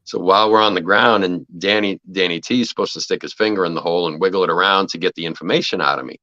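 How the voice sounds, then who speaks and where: A man telling animated set stories on a podcast, swearing freely and acting out what others said. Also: low-pitched, fast, dry recording, dull audio. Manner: animated anecdotes, acts out quoted voices, swears freely. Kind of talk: casual podcast storytelling.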